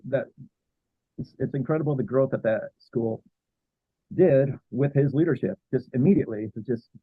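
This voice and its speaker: A man talking as a guest historian in a casual interview, halting with many fillers and restarts. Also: medium pitch, breathy edge, no echo. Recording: tinny phone-like line.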